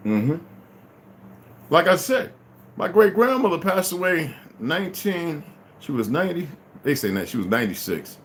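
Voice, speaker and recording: A man's voice: a little high, big pitch swings, normal speed, long pauses, a bit bright. A man in his fifties delivering a heated, profane, unscripted monologue as a vlogger.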